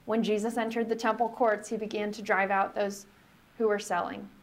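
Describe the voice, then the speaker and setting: A woman pastor reads scripture aloud and preaches reflectively and conversationally, slowing down for emphasis. Her voice is medium in pitch with a level tone.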